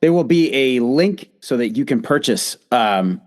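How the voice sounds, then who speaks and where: Boston-accented male podcast host, encouraging interviewer, mid-pitch voice. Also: expressive, unhurried, a little mellow. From United States. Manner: short encouraging backchannels, friendly sign-off.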